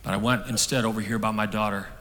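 A middle-aged man preaching a sermon, telling a story that swings from hushed and soft to loud. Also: fairly low pitch, level tone, quick pace. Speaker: pastor. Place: church hall. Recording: long hall reverb.

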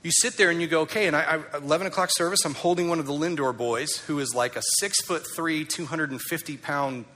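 Bright, emphatic male pastor preaching. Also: on the high side, quick pace, hardly any pauses. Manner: emphatic, rhetorical questions to the congregation. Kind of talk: sermon.

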